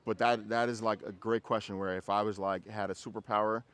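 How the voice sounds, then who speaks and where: A man working as a dog trainer, coaching casually outdoors on a walk, animated and often repeating himself as he acts out little scenes. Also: lowish voice, a little fast, clean tone.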